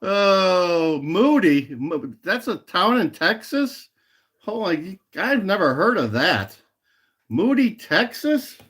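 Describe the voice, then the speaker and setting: A man's voice: sits high, big pitch swings, slow, a bit bright, husky. A man hosting a casual livestream and chatting with viewers, rambling, laughing often and repeating a catchphrase. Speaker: livestream host. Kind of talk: casual chat with live viewers.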